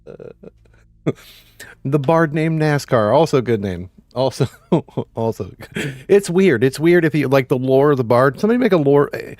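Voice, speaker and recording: A man's voice: medium pitch, expressive, moderate pace, a little mellow, dry recording, clean studio sound. A man streaming a game live, chatting casually with viewers, swearing a lot and laughing often. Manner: profane, laughing, rambling. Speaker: livestream gamer.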